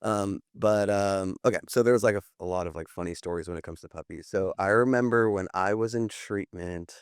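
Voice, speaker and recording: A man's voice: low-pitched, fairly quick, clean tone, no echo, studio quality. A man in his thirties, a podcast guest, telling his story in a candid, rambling way with many fillers and restarts. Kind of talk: candid interview talk.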